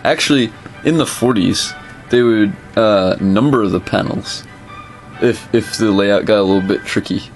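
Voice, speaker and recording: A fairly low-voiced man talks casually about old comics, stumbling and restarting as he goes. He drops dry asides, with faint music behind him. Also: normal speed. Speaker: co-host. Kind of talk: casual chat.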